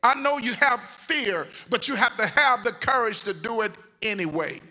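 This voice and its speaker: High, bright-voiced fervent preaching man. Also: lively intonation, moderate pace, few pauses, poor audio. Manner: fervent, repetitive preaching that calls on the congregation. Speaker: bishop preaching to his congregation. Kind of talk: sermon. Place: church sanctuary.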